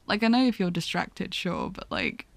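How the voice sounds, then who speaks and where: A woman's voice: on the low side, wildly swooping pitch, normal speed, vocal fry, dry recording. A woman co-hosting a podcast, chatting casually about a film and laughing often as she talks. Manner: giggly, laughs often while talking.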